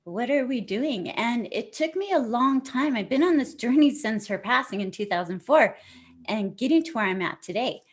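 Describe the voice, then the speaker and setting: A middle-aged woman speaking as a guest author in an online interview. Her voice sits a little higher than most. She talks in an earnest, open-hearted way and grows emotional at times. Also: expressive, moderate pace, breathy edge. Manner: earnest, effusive, tearful at moments.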